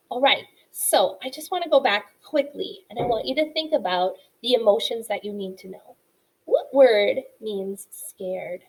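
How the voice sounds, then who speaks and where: A woman's voice: a little high, low-quality recording. Woman teaching young children. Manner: warm, animated teacher talk with questions to pupils. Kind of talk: classroom lesson for children.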